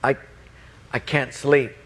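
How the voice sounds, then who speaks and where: A man's voice: medium pitch, little pitch movement, slow, fairly bright tone, in a large hall. A man preaching, voicing his young roommate as a hesitant, stammering, apologetic guy. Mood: sheepish. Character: sheepish young man, dorm roommate asking forgiveness.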